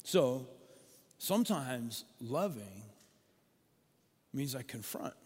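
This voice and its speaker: Animated man preaching in a reverberant hall. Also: mid-range voice, extremely slow, slightly rough. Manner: animated storytelling, acts out quoted voices. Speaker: pastor. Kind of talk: sermon.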